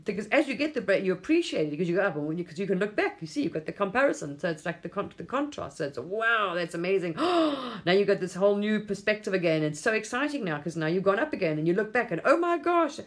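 A woman's voice: medium pitch, expressive, rapid-fire, few pauses. A woman hosting a spiritual livestream, talking in a rambling, effusive way, often laughing and casually swearing.

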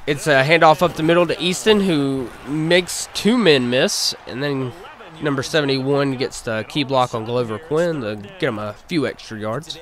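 A man narrates his own video game in a laid-back way, calling every play like a sports announcer and filling the gaps with easygoing filler words. His voice is mid-range, his pace moderate, and he barely pauses.

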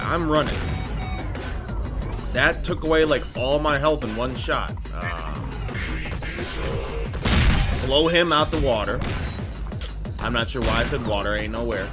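Young guy doing let's play commentary, super animated, yelling and repeating stuff, game music under him. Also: medium pitch. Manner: excitable, loud outbursts and repeated phrases, slangy. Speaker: gaming YouTuber. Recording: game music playing behind voice.

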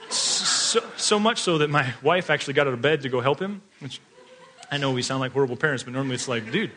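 A man's voice: mid-range voice, fast talker, noisy background. A male pastor giving a conversational sermon that mixes in family stories, chatty and full of fillers, often laughing as he talks.

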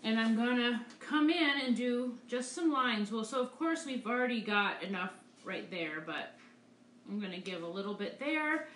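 A woman's voice: on the high side, animated, normal speed, a bit bright, echoey room, a little hiss or hum. A woman art teacher giving a live painting demonstration, upbeat and encouraging as she talks through each stroke. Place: art studio.

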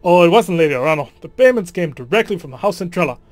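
A man's voice: high voice, expressive, quick pace, no echo. A man voicing a chatty, proud female ship engineer in a game, putting on an accent that he admits he cannot do. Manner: attempted accent, awkward.

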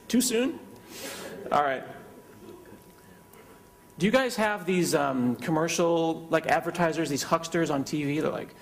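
A man delivering a conference keynote with a live software demo, talking in a loose, joking, conversational way. His voice sits a little on the higher side for a man. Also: vocal fry. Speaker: keynote speaker.

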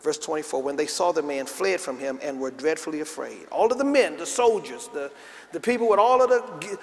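A man's voice: on the high side, lively intonation, a little fast, vocal fry. A middle-aged man preaching a sermon as pastor, drawing call-and-response from the congregation and climbing to emphatic peaks. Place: large church sanctuary with congregation. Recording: live church recording with reverb.

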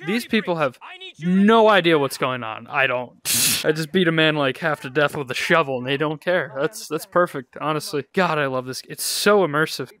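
Young guy doing sweary jokey gameplay commentary, slightly high voice. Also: moderate pace, fairly bright tone. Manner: joking, sarcastic, swears and laughs often. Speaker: gaming YouTuber.

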